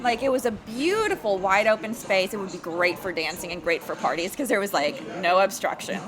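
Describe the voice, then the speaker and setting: A woman's voice: mid-range voice, fairly quick, a crowd in the background. A woman who sells luxury homes, chatting in an interview and acting out quotes as she tells stories. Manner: animated storyteller, acts out quotes. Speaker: luxury real estate agent. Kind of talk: casual interview chat.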